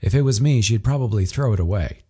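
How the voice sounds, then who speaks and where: A male audiobook narrator voicing a put-upon young husband who grumbles and sulks, pitched up from his usual husky voice. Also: fast, dark tone. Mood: grumbling. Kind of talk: audiobook character voice.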